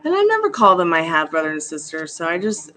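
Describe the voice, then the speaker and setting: A woman's voice: lowish voice, huge pitch swings, fast, sharp tone, slight background noise. Chatty woman reading tarot live. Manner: chatty and reassuring, greets viewers by name. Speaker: tarot reader hosting a live stream. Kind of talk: casual live-stream chat.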